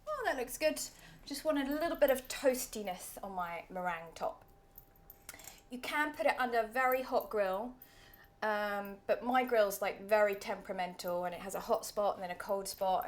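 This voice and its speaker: A woman's voice: medium pitch, moderate pace. Chatty woman demonstrating a recipe. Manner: chatty, playful, self-deprecating, drops to soft asides. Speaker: cooking show host. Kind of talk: casual cooking demonstration. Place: kitchen.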